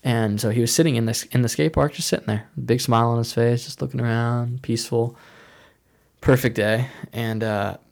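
A man's voice: medium pitch, steady tone, normal speed, creaky. A young man telling a personal faith testimony in a casual, rambling way, full of "like" and restarts. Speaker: speaker sharing a faith testimony.

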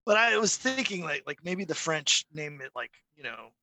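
A man's voice: fairly high pitch, normal speed, no room sound, low-quality recording. A middle-aged man co-hosting a podcast in casual chat, telling stories and acting out quoted voices. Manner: animated storyteller, acts out quoted voices. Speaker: podcast co-host.

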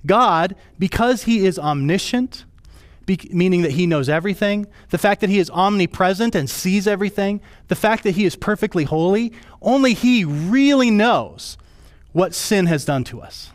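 A man preaching a sermon as pastor, his voice rising high and falling low for emphasis. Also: animated, normal speed, no echo.

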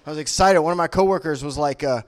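Energetic stand-up comedian man. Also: fairly high pitch, quick pace. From Memphis, Tennessee. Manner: energetic, rambling, laughing at his own jokes. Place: small comedy venue on stage.

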